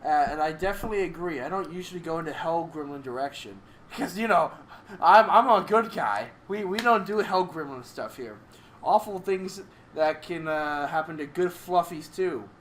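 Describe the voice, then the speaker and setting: Rambling higher-voiced man, faint hiss. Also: expressive, normal speed, fairly bright tone. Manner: rambling, giggly, trails off mid-sentence. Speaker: co-host reading comics aloud. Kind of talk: casual commentary.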